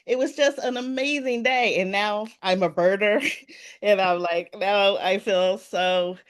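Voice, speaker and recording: A woman speaking on a panel at an event, telling a personal story in a chatty, animated way and acting out what people said. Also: medium pitch, measured pace, smooth. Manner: chatty, animated retelling with quoted voices. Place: event room with an audience.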